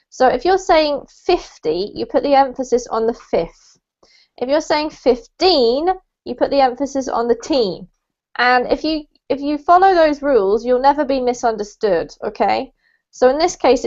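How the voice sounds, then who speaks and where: A woman's voice: high-pitched, a little mellow. A woman teacher leading an online English lesson, praising students and explaining pronunciation step by step. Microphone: video call. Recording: dull lo-fi video call audio.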